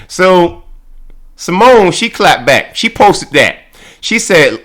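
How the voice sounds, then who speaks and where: A man hosting reaction commentary, mocking and animated, with stammering repetitions. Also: sits high, slow. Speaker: host.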